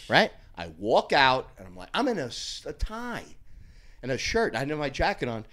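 A middle-aged man, a podcast guest, telling stories in a casual, animated way, with plenty of swearing and laughter. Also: mid-range voice, normal speed. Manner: animated, profane, laughing storyteller. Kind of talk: casual storytelling.

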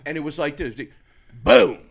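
A man's voice: on the high side, normal speed, gravelly. A brash middle-aged man telling a profane gym story in a casual podcast chat. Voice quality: brash, profane storyteller with a loud, animated delivery. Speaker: guest storyteller.

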